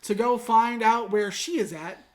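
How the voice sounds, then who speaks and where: A woman's voice: on the high side, a little slow, darkish tone. A woman podcast host recapping a movie in casual chat, wry and sarcastic, with lots of filler words.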